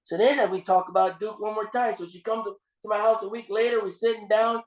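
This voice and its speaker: A man with a high-pitched, fairly quick voice and fairly even intonation delivers a motivational seminar talk, preaching as he tells a story. He keeps repeating phrases, calls his audience "gang," and restarts often, swinging into emphatic moments. The room has a noticeable echo.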